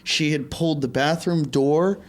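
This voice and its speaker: A man's voice: a little high, a little slow. A man with an American accent, a comedian guest, telling a story in casual chat and laughing as he goes.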